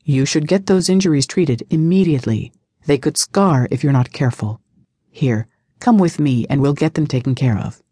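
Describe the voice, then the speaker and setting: A woman voicing a calm, commanding man with a smooth, unhurried, sarcastic tone. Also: low-pitched, no room sound, studio quality. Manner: slow, smooth and nonchalant.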